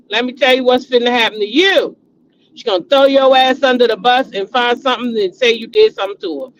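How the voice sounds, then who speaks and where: A man's voice: extremely high pitch, a bit bright, lo-fi sound, a little hiss or hum. A middle-aged man, hosting a casual commentary chat in a blunt, profane, laughing way. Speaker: channel host.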